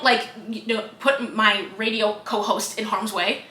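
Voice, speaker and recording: A woman's voice: mid-range voice, measured pace, bright, forceful tone, reverberant. A woman co-hosting a casual book review podcast, retelling the plot animatedly and swearing often. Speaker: podcast co-host.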